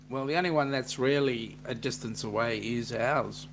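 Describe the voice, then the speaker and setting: A man's voice: medium pitch, normal speed, vocal fry, a little hiss or hum. A man with an Australian accent co-hosting a casual livestream chat, reading out viewer comments with a joking, teasing manner.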